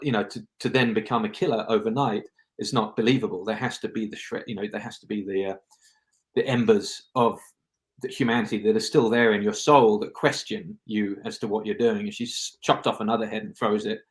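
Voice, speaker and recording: A man's voice: fairly low pitch, steady tone, brisk. A man speaking as a film director guest in a casual interview, reflective and rambling, often restarting his sentences.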